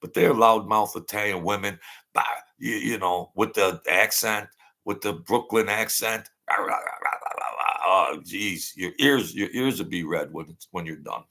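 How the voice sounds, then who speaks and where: A deep, gravelly middle-aged man, talking bluntly on a casual livestream. He rambles and circles back, repeating the same line a few times over. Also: normal speed, sharp tone. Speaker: livestream host.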